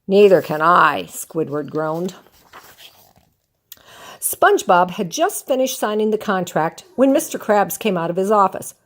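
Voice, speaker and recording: An older woman, a grandmother, reading a picture book aloud in a gentle, expressive way. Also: mid-range voice, a little slow, pauses often. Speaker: storyteller.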